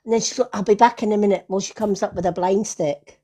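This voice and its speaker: A woman's voice: medium pitch, fast talker, slightly rough. Chatty woman telling a story. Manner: animated anecdote telling with repeated "I says". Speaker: tarot card reader. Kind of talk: casual storytelling on a livestream.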